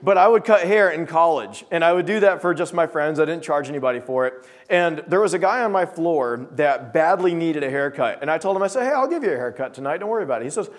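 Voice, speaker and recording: A man's voice: a little high, quick pace, hardly any pauses. A young man preaching a sermon to a small gathering, telling stories and acting out quoted voices. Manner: animated storytelling with voiced quotes.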